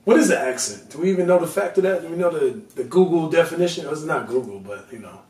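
A man's voice: a little high, expressive, quick pace, a little mellow, distant mic. Casual podcast co-host, male, ribs his partner in loose slang; mic set back in a roomy space. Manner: teasing, joking, loose slang. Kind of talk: casual banter.

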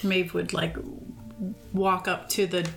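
A woman's voice: lowish voice, level tone, slow pace, gravelly, faint music behind. A woman playing a tabletop game, describing her character's moves in a playful way. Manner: playful, laughing. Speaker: player. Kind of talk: casual tabletop play.

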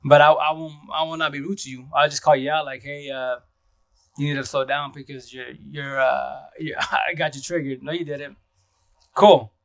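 A man hosting a casual live stream, talking fast and rambling, with restarts and repeated words. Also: a little high, steady tone, gravelly, no room sound. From Seattle area. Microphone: phone.

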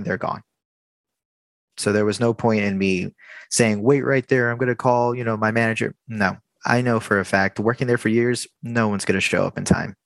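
A low-voiced man tells a work story in a casual, talky way, jumping into the dialogue and playing out each exchange. His voice sits dry and close to the mic with almost no room echo. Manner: animated, acts out the dialogue. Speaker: theme park worker telling a story.

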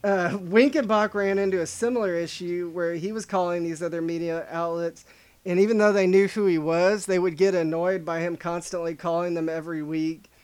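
Podcast host, male, high and smooth voice, easygoing storyteller. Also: fairly even intonation, brisk, darkish tone. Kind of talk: casual chat.

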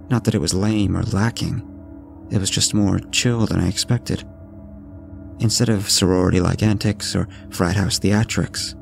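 A man narrating a first-person horror story at a measured, steady pace. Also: deep voice, gravelly. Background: faint background music.

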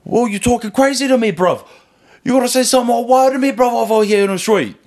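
A man voicing a brash, taunting British street tough, pitched well above his normal speaking voice. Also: quick pace. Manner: taunting, much higher and louder than his own voice.

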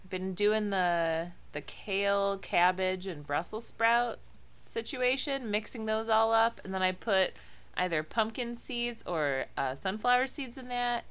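A woman's voice: mid-range voice, fairly bright tone, clear, resonant tone. A woman co-hosting a casual podcast, dry and teasing, laughing often. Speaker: podcast co-host.

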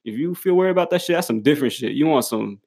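A young man with a fairly high, expressive, slightly rough voice with a darkish tone talks fast in a casual motivational monologue to the camera. He's blunt and emphatic, full of swearing and street slang, and often laughs while talking.

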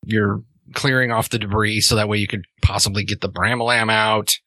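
Relaxed game master narrating. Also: male voice, fairly low pitch, fairly quick, no room sound. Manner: relaxed, rambling with fillers. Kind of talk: narrating a tabletop role-playing game.

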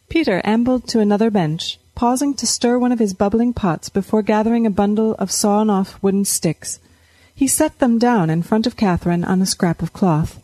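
A woman narrating a fiction story in a steady storytelling manner on a close studio mic. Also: mid-range voice, normal speed, no room sound. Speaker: audiobook narrator.

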